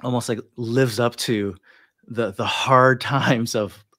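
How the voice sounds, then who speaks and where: A man hosting a livestream interview over a video call, thoughtful and hesitant, with many pauses and restarts as he works out his question. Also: medium pitch, steady tone, fairly bright tone, no room sound, studio quality. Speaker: host. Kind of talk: interview conversation.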